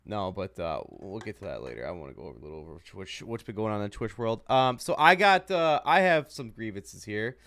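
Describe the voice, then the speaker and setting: A man's voice: fairly low pitch, animated, brisk, hardly any pauses, fairly bright tone. A man hosting a casual sports podcast, ranting heatedly and swearing a lot. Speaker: podcast host.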